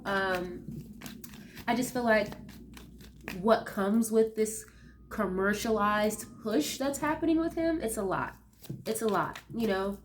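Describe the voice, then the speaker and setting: A woman's voice: medium pitch, animated, a little slow, slight background noise. Chatty woman with a nasal voice. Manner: chatty, loose, full of fillers and asides. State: nasal from allergies. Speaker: tarot reader. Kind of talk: casual tarot reading.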